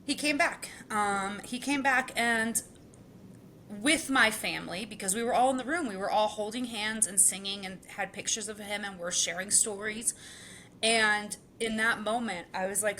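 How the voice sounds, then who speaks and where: Bright, crisp-toned woman; candid, laughing podcast guest; faint background noise. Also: mid-range voice, moderate pace. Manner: candid and expressive, laughs often. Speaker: guest, keynote speaker and author. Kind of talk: podcast interview.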